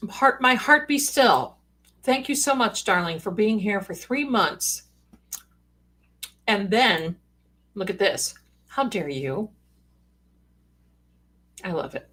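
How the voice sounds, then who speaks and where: This psychic hosting a live stream has a somewhat bright voice that sits on the high side. She keeps things casual, dropping in folksy asides with plenty of sass.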